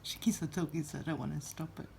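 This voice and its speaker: A woman from Australia filming her pet parrot on a phone at home, chatting to the bird in a cooing pet voice between low asides. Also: fast, creaky, noisy background. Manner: coos to the bird in a lifted pet voice, drops to asides. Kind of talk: casual chat to a pet bird. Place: home living room. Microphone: phone held while leaning over a couch.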